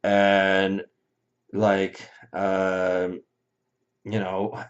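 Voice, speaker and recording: A man with a fairly low voice delivers a heated, foul-mouthed opinion rant. He swings from muttered asides to sudden loud outbursts and slips into mocking voices to quote the people he scorns. The recording sounds dull and lo-fi. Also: monotone, extremely slow. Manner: mocking put-on voices when quoting others. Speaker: vlogger. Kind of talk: ranting opinion monologue.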